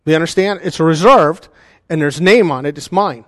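High-voiced preaching man in a hall. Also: moderate pace, studio quality. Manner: animated, conversational preaching with joking asides. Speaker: pastor. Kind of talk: sermon.

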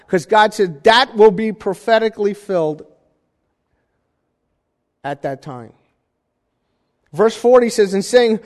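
A man preaching a sermon in a conversational style, with jokey asides and animated emphasis. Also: sits high, slow pace, long pauses, long reverb tail. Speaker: pastor.

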